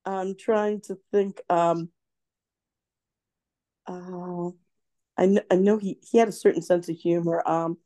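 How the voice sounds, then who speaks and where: A woman with a mellow, warm tone tells old stories at an easy pace, pausing with ums and laughing often. She co-hosts a casual podcast. The sound is dry and close. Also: on the low side, steady tone, dry recording. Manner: anecdotal, laughs often, searches for words. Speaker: podcast co-host. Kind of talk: casual storytelling chat.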